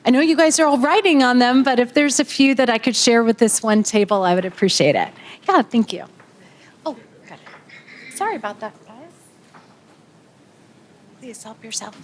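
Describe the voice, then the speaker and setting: Brisk polite woman moderator, higher voice. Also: animated, slight background noise. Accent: American Midwestern. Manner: brisk, polite, reads questions aloud. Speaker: moderator reading audience questions. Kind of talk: moderating a public Q&A. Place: community center meeting room.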